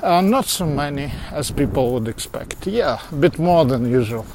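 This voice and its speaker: A man's voice: fairly high pitch, animated, normal speed, darkish tone. Chatty foreign-accented man on a street walk. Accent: mixed foreign accent in English. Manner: chatty, answers viewers as he goes, with small laughs and restarts. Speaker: livestreamer. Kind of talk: casual walking livestream chat. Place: outdoors on suburban streets. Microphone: phone carried while walking. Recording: outdoor street noise with passing traffic.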